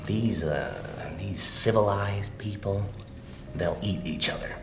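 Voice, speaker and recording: An actor playing a menacing male clown villain, speaking with a low, slow, scornful drawl. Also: over music. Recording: roomy film audio with score underneath.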